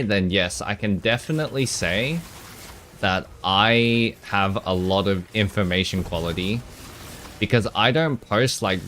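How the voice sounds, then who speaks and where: A man with a lowish voice talks casually to his live-stream chat, reacting to comments and breaking into laughs between quick, loose sentences. A faint hum of ambience sits under his voice. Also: fairly bright tone. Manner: chatty, answers chat with laughs and restarts.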